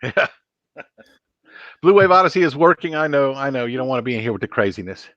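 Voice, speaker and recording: Late at night, a man hosts a casual live stream on a laptop mic, joking around and repeatedly reading out viewer chat and counts. His medium-pitched voice is quick, lively, and a bit bright, while the recording is dry and dull lo-fi with no room sound.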